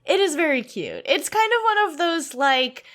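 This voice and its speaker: A woman's voice: high-pitched, sing-song, normal speed, fairly bright tone. A woman co-hosting a podcast in casual chat, swearing and laughing as she retells scenes. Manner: chatty, swearing, laughing, quoting characters. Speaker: podcast co-host.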